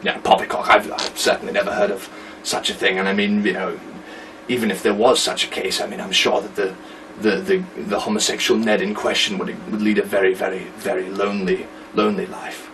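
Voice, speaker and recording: A man playing a pompous expert lecturing in halting phrases. His voice sits low. The mic is some distance away, with faint ambience behind him. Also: little pitch movement, a bit bright, a little hiss or hum, lightly acted. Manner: pompous, hesitant, lecturing with fillers. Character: pompous older male expert on neds.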